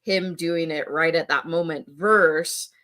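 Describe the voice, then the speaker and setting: Low-voiced woman chatting as podcast guest. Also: measured pace. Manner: conversational, filler-heavy, animated when quoting her son. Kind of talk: casual conversation.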